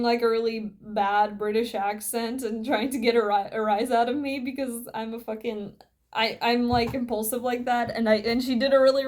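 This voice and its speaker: Woman, fairly high voice, casual vlog, rambling, swears a lot, camera mic, indoors at home. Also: darkish tone. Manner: chatty and rambling, swears freely. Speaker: vlogger. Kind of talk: casual show-and-tell vlog.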